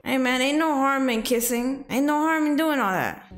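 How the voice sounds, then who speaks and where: A woman's voice: sits high, lively intonation, normal speed, soft background music. A young woman hosting a movie reaction, chatting casually and exclaiming emotionally.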